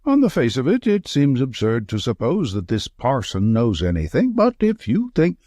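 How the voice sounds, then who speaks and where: A man's voice: mid-range voice, huge pitch swings, moderate pace, dark tone, no echo, clean studio sound. A man voicing a worried, sullen old man who protests fretfully.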